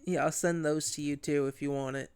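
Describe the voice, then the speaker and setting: A man narrating a tabletop game as game master, describing the scene in a slow, deliberate way. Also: fairly high pitch, steady tone, a little mellow, clean tone, no echo.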